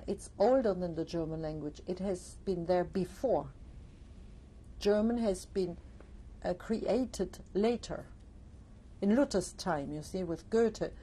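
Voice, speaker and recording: Older woman, mellow voice. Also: lowish voice, a little hiss or hum. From Alsace, France. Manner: reflective, explanatory, frequent "you see" and "uh". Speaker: interviewee. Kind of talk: recorded testimony interview.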